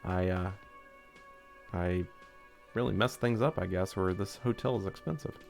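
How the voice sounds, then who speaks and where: A man's voice: low voice, a little slow, creaky, a little mellow, faint music behind. A man hosting a let's-play, commenting wryly and playfully on his choices as he plays. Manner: wry, playful. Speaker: gaming channel host playing a game.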